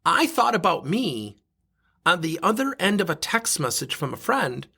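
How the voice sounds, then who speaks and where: Guy coach rambling through a story on his podcast, pitch jumping all over, bit raspy. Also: normal speed. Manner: animated, self-mocking storyteller. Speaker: leadership coach and podcast host. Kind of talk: solo podcast storytelling monologue.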